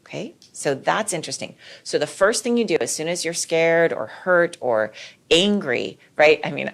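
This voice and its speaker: A middle-aged woman speaks as a clinical psychologist on a podcast. She has a low voice with some fry in it. She explains ideas in a lively, conversational way.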